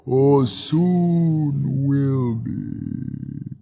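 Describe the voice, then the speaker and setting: Brief: man doing a gloating demon for an audiobook, low mournful voice, crawling pace, gravelly edge. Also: highs cut off, heavily acted. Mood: gloating menace. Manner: very slow, drawn-out menacing delivery. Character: tall many-armed male demon, gloating and menacing.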